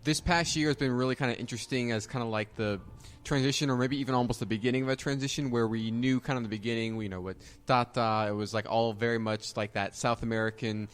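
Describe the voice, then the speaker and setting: Man, audience question, hesitant, lots of fillers, smooth resonant voice. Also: medium pitch, fairly even intonation, fast, hardly any pauses. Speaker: audience member asking a question. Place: brewery, recorded live.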